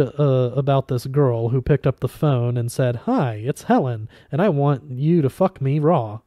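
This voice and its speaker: A man's voice: mid-range voice, mellow, no room sound, studio quality. A man reading a novel aloud in a casual way, with small slips and restarts. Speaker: audiobook reader.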